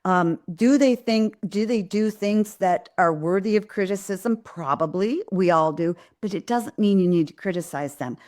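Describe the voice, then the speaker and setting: A woman's voice: medium pitch, normal speed, few pauses, darkish tone. A middle-aged woman hosting a live parenting Q&A, talking earnestly and directly to parents and acting out what parents and kids say. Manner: earnest, direct, acts out parents' and kids' lines in quotes. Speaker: pediatrician and parenting host. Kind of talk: live Q&A parenting advice talk.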